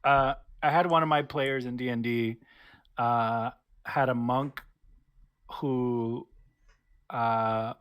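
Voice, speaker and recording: Playful guy co-hosting a game stream, goofs around, middle pitch, right up on the mic. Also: fairly even intonation, takes it slowly, pauses often, fairly bright tone, clear, resonant tone. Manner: goofy, playful. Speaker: co-host. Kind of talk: casual chat while streaming a game. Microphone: close microphone.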